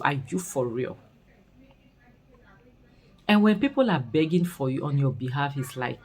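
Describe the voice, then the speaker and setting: Nigerian woman with a low voice going over a series episode, fired up, keeps asking rhetorical questions. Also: a little slow, pauses often, slightly rough, poor audio. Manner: expressive, scolding rhetorical questions. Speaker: series reviewer. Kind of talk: casual recap and commentary.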